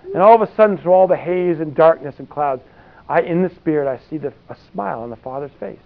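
Speaking on the high side and at a quick pace, this man gives a folksy, meandering sermon that feels like conversation, sprinkled with tangents and repeated "you know." The sound is tinny, similar to a phone.

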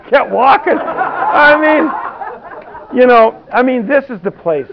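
A man's voice: extremely high pitch, lively intonation, a little slow, creaky, a crowd in the background. A man preaching a conversational sermon, folksy and rambling, with many asides. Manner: folksy, rambling asides with frequent "you know". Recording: tinny phone-like sound.

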